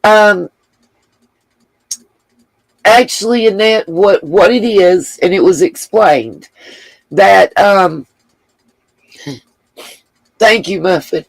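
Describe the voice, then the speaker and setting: A woman's voice: mid-range voice, drawn-out words, creaky, long pauses, no room sound, low-quality recording. A woman hosting a casual livestream, reading viewer comments aloud and thanking them with gushing endearments. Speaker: livestream host.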